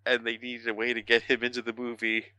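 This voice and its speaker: A man's voice: medium pitch, monotone, sharp tone, clear, resonant tone, no room sound. A man co-hosting a podcast, rambling through a casual chat full of fillers and the odd swear word. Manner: rambling, profane, halting with many fillers. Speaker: podcast co-host.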